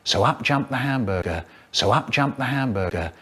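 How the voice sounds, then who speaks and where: An older man telling comic stories in an expressive, playful way, cut up and remixed. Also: medium pitch, moderate pace, slightly rough. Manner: animated, expressive, playful voices.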